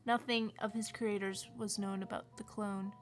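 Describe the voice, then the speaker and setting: A woman's voice: mid-range voice, little pitch movement, moderate pace, faint music behind. An American woman, a cartoonist and voice actor, chatting casually and rambling on her livestream with playful asides. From United States.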